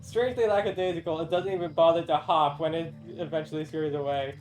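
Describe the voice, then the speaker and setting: A man's voice: fairly high pitch, steady tone, fast, darkish tone, soft background music, low-quality recording. A man streaming a game, chatting casually with a friend and laughing often between rambling asides. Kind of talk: casual gameplay chat.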